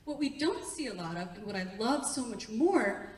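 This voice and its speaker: A woman's voice: sits high, animated, normal speed, a little mellow. A young woman doing a live stand-up set, chatty, laughing often and working the crowd from a theatre stage. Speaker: stand-up comedian. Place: theatre stage before an audience. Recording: echoey room, heard from a distance.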